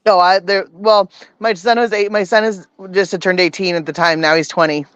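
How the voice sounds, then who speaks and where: A woman's voice: lowish voice, fairly even intonation, fairly quick, fairly bright tone, clear, resonant tone, no room sound, highs cut off. A woman guest telling her story in casual chat, rambling with many false starts.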